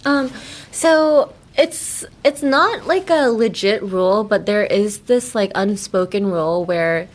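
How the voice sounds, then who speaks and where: A woman's voice: medium pitch, slow pace, hardly any pauses. A young woman hosting a casual bilingual language lesson, playful and giggly, drilling words over and over. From United States. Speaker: podcast host, English teacher.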